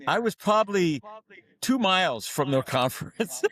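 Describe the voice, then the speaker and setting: A man's voice: sits high, normal speed. A middle-aged man telling stories as a guest on a podcast interview, acting out the voices of people in his anecdotes. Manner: animated storyteller, acts out dialogue. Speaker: guest, keynote speaker.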